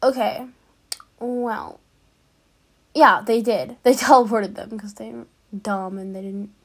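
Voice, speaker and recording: A woman's voice: on the high side, fairly even intonation, slow pace. A woman chatting casually as she plays a game, reading its lines aloud and reacting along the way. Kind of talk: gameplay commentary.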